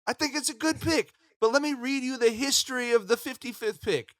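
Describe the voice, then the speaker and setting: A man's voice: extremely high pitch, a little fast, fairly bright tone, dry recording. A man in his thirties co-hosting a sports podcast, talking casually and emphatically with plenty of swearing. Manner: profane, emphatic, storytelling. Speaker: podcast co-host.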